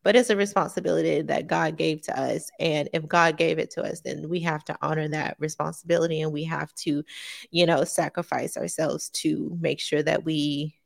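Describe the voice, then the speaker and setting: A woman's voice: low-pitched, level tone, moderate pace, gravelly. A woman co-hosting a podcast, earnestly giving parenting advice in casual chat, often restarting her sentences. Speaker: podcast co-host.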